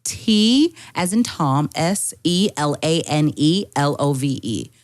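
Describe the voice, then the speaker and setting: A young adult woman, a podcast guest, chatting casually and telling stories with laughs and quick mimicry. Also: low-pitched. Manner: animated, laughing storyteller who mimics people. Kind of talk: casual chat.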